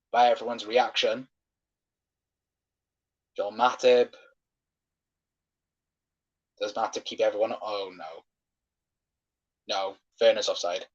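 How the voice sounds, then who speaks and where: A young man, hosting a live football watchalong and calling the match as an excitable fan who swears when frustrated. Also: lowish voice, dull audio.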